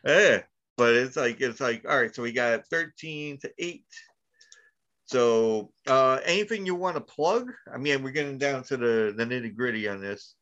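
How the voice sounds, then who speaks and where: A man's voice: medium pitch, moderate pace, fairly bright tone, lo-fi sound. A man hosting a casual podcast, telling rambling stories full of fillers and swearing. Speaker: podcast host.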